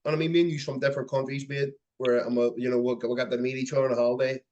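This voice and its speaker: A man's voice: medium pitch, little pitch movement, very fast, a little mellow, muffled recording. A man in his thirties hosting a podcast, chatty and encouraging, with casual swearing. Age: 30s. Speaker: podcast host. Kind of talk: casual conversation.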